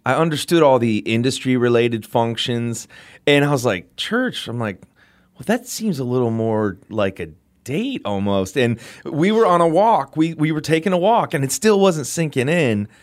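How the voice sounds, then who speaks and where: Guy telling a story in a chatty animated way, lots of likes and you knows. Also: medium pitch, normal speed. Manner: animated, chatty, many fillers. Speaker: guest telling how he met his wife. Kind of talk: casual storytelling.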